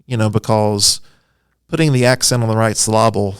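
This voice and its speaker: A man with a low, smooth, resonant voice explains things with eager, nerdy enthusiasm. He is a scholar guest on a podcast, talking freely and poking fun at himself. The sound is close and dry. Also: steady tone, normal speed, dry recording. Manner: enthusiastic, explanatory, self-deprecating. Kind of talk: conversational podcast interview.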